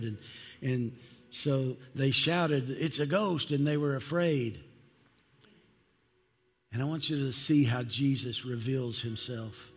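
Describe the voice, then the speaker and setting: A man preaching an evening sermon in a church sanctuary, his voice at an ordinary middle pitch. He is emphatic and slows right down when he quotes a line for effect. His voice rings through a hall with a long reverb, and faint music sits underneath. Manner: emphatic, with dramatic pauses and slowed quotes.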